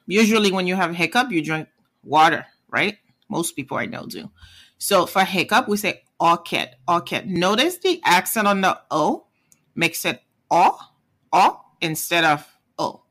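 Bright-voiced Haitian-accented language teacher. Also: mid-range voice. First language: Haitian Creole. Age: adult parent. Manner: patient, repeats words, checks in with "okay?" and "right?". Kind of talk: casual video lesson.

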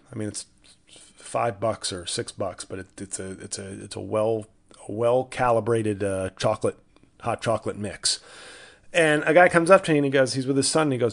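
A man's voice: medium pitch, vocal fry. A man hosting a casual solo podcast, rambling and self-deprecating with many restarts. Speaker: podcast host.

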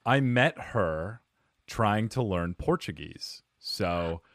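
A man hosting a podcast, chatting in a relaxed, self-deprecating way. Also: fairly low pitch, slow, dry recording, clean studio sound. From United States. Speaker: podcast host. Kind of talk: casual chat.

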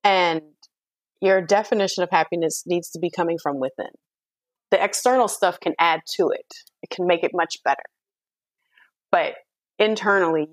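A woman's voice: fairly low pitch, no room sound. Frank, plain-spoken woman guest. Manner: frank, earnest, plain-spoken with slangy asides. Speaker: podcast guest. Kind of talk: candid casual conversation.

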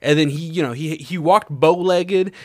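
A man's voice: fairly high pitch, normal speed, darkish tone, no echo, studio quality. A man co-hosting a podcast, rambling through stories in casual chat with lots of fillers and swearing. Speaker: podcast co-host.

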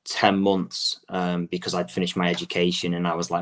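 A young Englishman with a low, deep voice talks casually as a guest about coaching soccer. He rambles loosely, circling back and restarting his sentences and leaning on filler words. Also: little pitch movement, fairly quick, a bit bright. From England. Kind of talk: casual interview talk.

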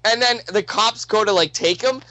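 A man's voice: sits high, normal speed, pushed and bright, dry recording, poor audio. A young man casually telling a rambling, profanity-laced anecdote, full of restarts and asides.

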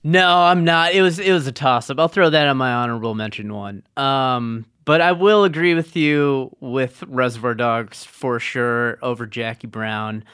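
Smooth-voiced male co-host. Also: medium pitch, moderate pace, few pauses, fairly bright tone, no echo, clean studio sound. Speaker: podcast co-host. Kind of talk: film podcast chat.

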